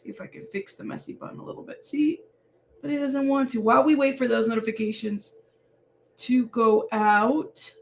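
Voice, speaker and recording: Tired woman hosting a live chat stream, friendly greetings, a bit of vocal fry. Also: a little high, moderate pace, a little mellow. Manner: chatty, greets viewers by name. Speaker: livestream host.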